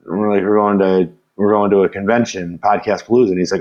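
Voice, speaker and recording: Guy hosting a podcast, kinda low voice, rambles thru stories and keeps restarting, laughs a bit. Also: fairly even intonation, brisk, hardly any pauses, muffled recording. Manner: rambling storyteller, restarts often, chuckles. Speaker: podcast host. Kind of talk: casual podcast chat.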